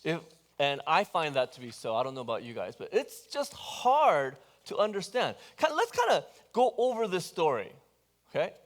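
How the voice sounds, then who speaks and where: A man's voice: a little high, wildly swooping pitch, moderate pace. A man preaching a sermon, talking with the congregation in a conversational, questioning way and telling the story with animation. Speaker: pastor.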